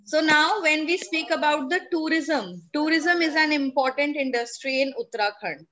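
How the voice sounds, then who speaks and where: A woman's voice: high voice, moderate pace, sharp tone, lo-fi sound. A middle-aged woman with an Indian English accent, teaching a class and patiently questioning and coaxing her pupils to answer. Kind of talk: classroom lesson.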